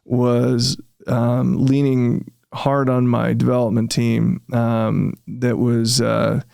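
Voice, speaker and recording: A man, a real estate developer being interviewed, telling his story in a casual, animated way and often acting out what he said at the time. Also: mid-range voice, takes it slowly, gravelly, dry recording, studio quality. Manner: animated, reenacts his own past remarks, frequent fillers.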